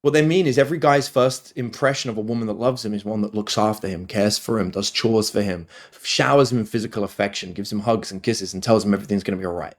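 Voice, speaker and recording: A man, a dating coach guest on a podcast interview, telling stories with lively, acted-out quotes. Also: on the low side, fast talker, hardly any pauses. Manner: animated storyteller, acts out quotes in other voices.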